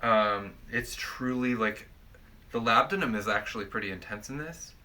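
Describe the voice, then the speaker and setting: A man's voice: on the low side, normal speed, sharp tone. A man casually chatting as a perfume reviewer, playful and rambling, full of jokey descriptions. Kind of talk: casual chat.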